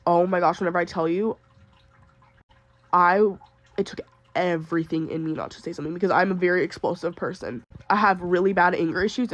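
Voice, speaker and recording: A woman's voice: mid-range voice, no room sound. A young adult woman who works retail tells a storytime in exasperated, ranting bursts, sick and upset. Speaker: retail worker. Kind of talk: storytime venting video.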